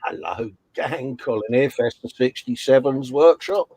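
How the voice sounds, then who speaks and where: There's background noise as this man hosts a relaxed livestream, rambling, joking and reading comments out loud with frequent "uh" and "mate." He speaks unhurriedly in a medium pitch.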